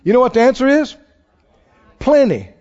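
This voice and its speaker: High-voiced emphatic male preacher, hall reverb. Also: very animated, normal speed, a little mellow. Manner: emphatic, folksy, acts out quoted people. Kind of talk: sermon. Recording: dull sound with long hall reverb.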